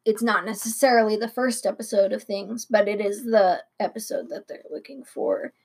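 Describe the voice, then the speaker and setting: A woman's voice: mid-range voice, fairly even intonation, normal speed, vocal fry, darkish tone, husky. A young woman co-hosting a late-night podcast, rambling casually with lots of fillers and restarts. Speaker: podcast co-host.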